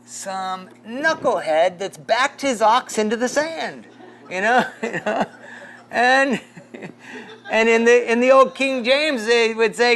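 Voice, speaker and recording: A pastor leading a casual Bible study, rambling through a story with lots of fillers and chuckles. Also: male voice, very high-pitched, slow pace, fairly bright tone.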